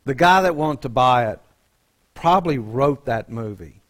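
A man's voice: medium pitch, expressive, a little slow, fairly bright tone. A man, a pastor telling a joking, folksy story in a sermon.

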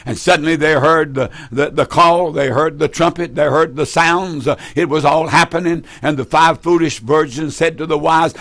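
A man's voice: fairly high pitch, fairly even intonation, normal speed, few pauses, fairly bright tone, no room sound. Fervent preacher man. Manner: fervent, emphatic, repeats phrases. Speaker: preacher and broadcast host. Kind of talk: preaching on broadcast.

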